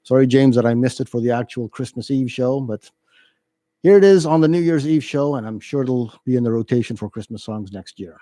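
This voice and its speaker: Mellow-voiced male community radio host. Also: mid-range voice, a little fast, no room sound, clean studio sound. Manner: relaxed, reads listener emails aloud with frequent ums. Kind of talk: casual radio announcing. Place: radio studio. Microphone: studio microphone.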